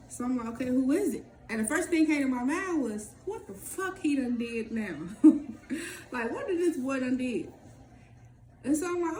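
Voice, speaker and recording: A woman telling a personal story in casual talk, candid and swearing freely, acting out what others said in quick lively bursts. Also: on the high side. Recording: echoey room with faint background noise.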